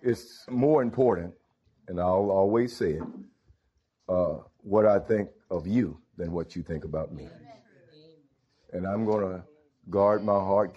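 Emphatic preacher man, lo-fi. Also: breathy edge. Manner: emphatic, swings to high exclamations and laughs. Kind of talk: sermon. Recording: dull lo-fi sound.

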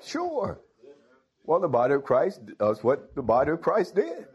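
A man preaching a sermon in a fairly high voice, peppering the congregation with rhetorical questions. He drops to low murmurs, then rises to loud exclamations, chuckling between phrases. The recording is dull and lo-fi. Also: wildly swooping pitch, a little slow, slightly rough.

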